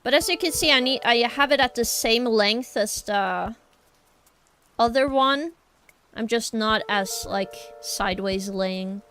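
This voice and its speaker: A young Norwegian-accented woman draws while chatting casually with her stream chat, rambling and speaking to viewers directly. Her voice is a little high and fairly bright, a little slow, with soft music in the background.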